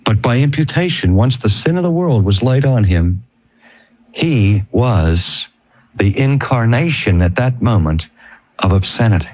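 A man preaching and teaching, telling a story with emphatic, slowed stresses on key phrases. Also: medium pitch, expressive, darkish tone, dry recording. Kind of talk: storytelling sermon.

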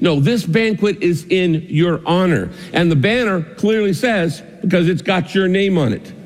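Pastor guy preaching a story sermon, kinda high voice, lots of hall echo. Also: a little mellow. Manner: storytelling, vivid, repetitive phrasing. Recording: long hall reverb.

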